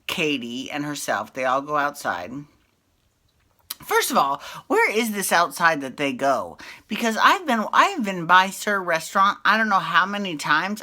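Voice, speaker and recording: A woman's voice: lowish voice, pushed and bright. A woman hosting a casual recap show, chatting about a reality series, laughing often and swearing freely. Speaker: podcast host recapping reality TV. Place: Las Vegas.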